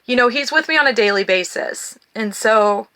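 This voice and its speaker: A middle-aged woman hosts a spiritual card reading, her voice bright and clear. She talks to viewers in an earnest, personal way and reads blessings in a slow, gentle cadence. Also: a little high, lively intonation. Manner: reads blessings slowly, then talks warmly and emotionally to viewers. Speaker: tarot and oracle card reader.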